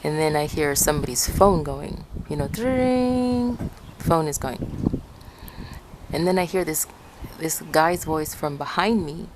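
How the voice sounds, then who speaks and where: A woman's voice: low-pitched, steady tone, a little slow, pauses often, background noise. A woman from Ecuador telling a personal story in a chatty, rambling way, correcting herself as she goes. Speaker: vlogger. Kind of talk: casual storytelling.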